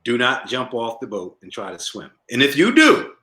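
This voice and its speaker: A middle-aged male comedian tells stories in a casual interview, animated and laughing at his own jokes. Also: medium pitch, normal speed. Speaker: comedian guest. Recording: roomy echo.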